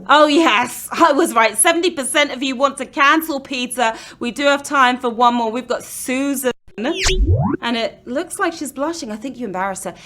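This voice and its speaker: Bubbly high-voiced woman hosting a quiz. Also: fairly bright tone. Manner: bubbly, playful, teasing the players. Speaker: quiz show host. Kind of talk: live game show hosting.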